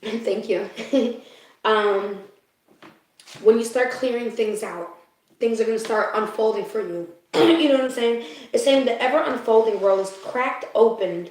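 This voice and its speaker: Woman doing a live spirit reading, kinda high voice, gets emotional, keeps asking "you know?", big echo in the room. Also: measured pace, darkish tone. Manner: emotional, confiding, laughs often; keeps checking in with the listener. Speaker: spiritual reader. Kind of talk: live card reading to viewers. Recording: very echoey room.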